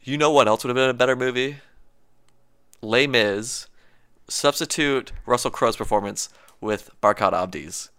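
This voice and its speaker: A man co-hosting a podcast in casual chat, riffing jokes with a deadpan edge. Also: medium pitch, unhurried, clear, resonant tone, no room sound. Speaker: podcast co-host.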